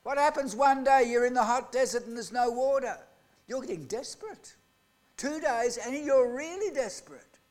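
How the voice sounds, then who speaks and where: A man preaching a live sermon in a church. He asks the congregation rhetorical questions and swings between loud outbursts and hushed lines. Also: very high-pitched, normal speed. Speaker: pastor. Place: church hall.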